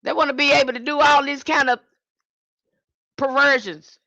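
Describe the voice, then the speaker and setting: Fiery, forceful woman preaching. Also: high voice, fairly even intonation, moderate pace, no echo, muffled recording. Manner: fiery, confrontational, repetitive. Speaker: spiritual teacher. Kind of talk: impassioned livestream sermon.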